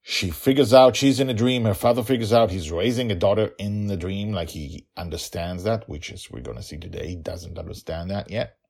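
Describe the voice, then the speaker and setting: A male podcast host chatting excitedly and then narrating a fantasy story, often repeating words for emphasis. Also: low voice, a little fast, creaky, few pauses, husky.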